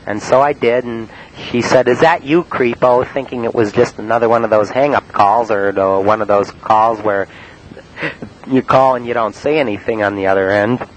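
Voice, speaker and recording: A man in a spoken-word monologue, recounting his prank calls in a halting, matter-of-fact way with many uhs and ums. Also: fairly low pitch, fairly even intonation, slight background noise, rough recording. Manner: halting, full of uh and um.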